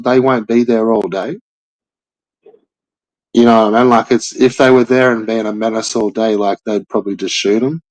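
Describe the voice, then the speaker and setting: A man's voice: medium pitch, a little mellow, no room sound, rough recording. A young man hosting a casual chat, rambling loosely with lots of filler words and swearing. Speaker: podcast host.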